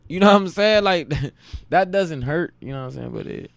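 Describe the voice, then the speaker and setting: A man from Cleveland in his late twenties, a podcast guest telling profane, animated stories in a casual chat. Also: high-pitched, moderate pace, gravelly, no room sound. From Cleveland, Ohio. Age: late 20s. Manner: profane, animated anecdote-telling with frequent laughs.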